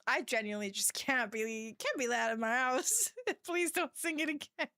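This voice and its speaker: A woman's voice: high voice, moderate pace, pushed and bright. A woman livestreamer chatting casually with her live audience, giggling often and reading viewer messages aloud.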